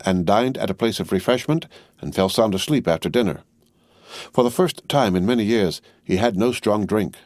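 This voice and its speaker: A man narrating a classic novel in a measured, even reading. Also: on the low side, no room sound, studio quality. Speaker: audiobook narrator. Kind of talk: scripted narration.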